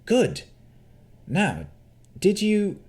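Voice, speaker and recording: A man reading as a high, bubbly fae prince of winter, full of cheer and playful theatrics. His voice bounces lively and bright, with a sing-song, animated lilt, as if telling an audiobook tale. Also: very slow, heavily acted. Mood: playful, bossy. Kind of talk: audiobook character voice.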